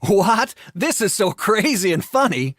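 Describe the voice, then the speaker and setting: A smug, wealthy father talks in a breezy, offhand way, voiced by a man. His pitch swings a lot and the recording is dry and close. It is an animated storytime voice. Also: measured pace, no room sound, full character voice. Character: rich, dismissive father.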